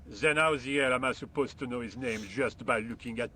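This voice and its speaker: A man playing a bright-voiced, lazy French workman. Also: mid-range voice, a little fast, slight background noise, close to an everyday voice. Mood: indifferent. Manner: dry, languid and sarcastic. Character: lazy, indifferent male workman painter. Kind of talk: video game voice acting.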